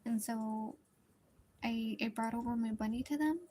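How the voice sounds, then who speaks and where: A woman's voice: a little high, moderate pace, dark tone, a little hiss or hum. A young woman chatting casually while drawing, telling a rambling story with lots of fillers and some whispered stretches. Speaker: drawing streamer.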